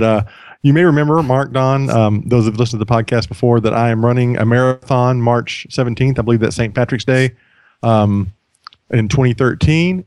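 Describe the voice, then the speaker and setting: A man's voice: medium pitch, darkish tone, no room sound, clean studio sound. A man hosting a casual podcast, chatty and self-mocking, restarting sentences often. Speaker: podcast host.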